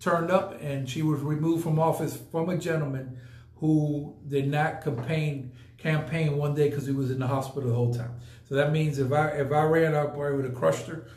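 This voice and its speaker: A man's voice: a little high, steady tone, moderate pace, darkish tone, roomy sound, slight background noise. A man hosting a casual podcast, talking emphatically and repeating points for effect. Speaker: podcast host. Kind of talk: casual live podcast talk.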